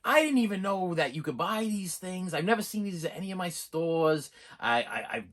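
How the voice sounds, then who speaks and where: Man, Boston accent, lively up-and-down delivery, rambling collector vlogger. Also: sits high, normal speed. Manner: rambling, excitable, talks straight to viewers. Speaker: physical media collector unboxing. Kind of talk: casual unboxing vlog.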